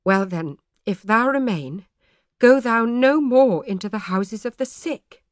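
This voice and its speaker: A woman's voice: a little high, expressive, unhurried, dry recording, studio quality, voice pushed up. A woman reading the lines of a troubled, devout male parson in grave, formal old speech.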